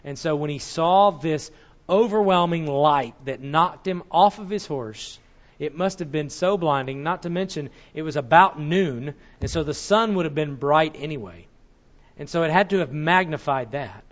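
A man preaches a teaching sermon, walking listeners through scripture. He explains step by step and stops now and then to correct a slip. His voice sits a little high, and the recording is muffled and lo-fi. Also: normal speed. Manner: explanatory, corrects himself mid-sentence. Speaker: Bible teacher.

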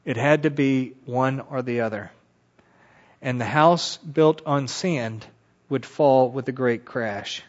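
A man giving a Bible teaching lecture as an animated storyteller who asks rhetorical questions, on a dull lo-fi recording. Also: mid-range voice, takes it slowly.

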